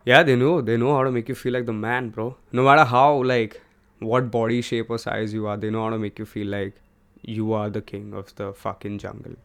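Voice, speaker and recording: A man's voice: on the low side, steady tone, brisk, vocal fry, smooth. Candid, profane young Indian man. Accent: Indian English. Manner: candid and profane, switches between English and Hindi. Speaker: podcast host. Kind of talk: casual solo podcast monologue. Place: room at home.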